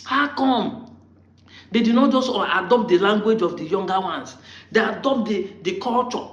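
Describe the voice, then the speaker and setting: Combative high-voiced Nigerian man. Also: unhurried. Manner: combative, rhetorical questioning. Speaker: online commentator. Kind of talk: argumentative monologue. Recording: roomy, muffled lo-fi sound.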